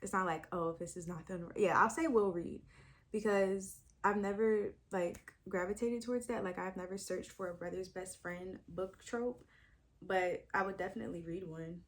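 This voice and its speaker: A woman's voice: medium pitch, steady tone, moderate pace. Chatty young woman thinking aloud. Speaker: book vlogger. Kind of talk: casual chat.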